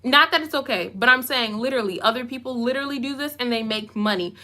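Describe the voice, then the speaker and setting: A woman's voice: a little high, fast talker, sharp tone. A woman YouTuber doing live commentary and reading comments, talking emphatically and repeating herself for emphasis. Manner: self-described goofy.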